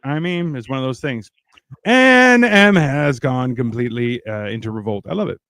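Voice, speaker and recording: A man's voice: mid-range voice, animated, moderate pace, a bit bright, no room sound, studio quality. A man hosting a casual podcast who reads out viewer comments in a laid-back, wry, rambling way. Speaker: podcast host. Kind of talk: casual chat reading live comments.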